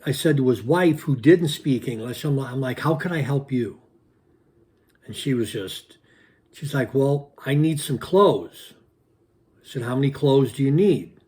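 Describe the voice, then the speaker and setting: Speaking in a mid-range voice, a man tells his viewers a personal story on his own channel. He's animated and repetitive, leaning on punchy sound words.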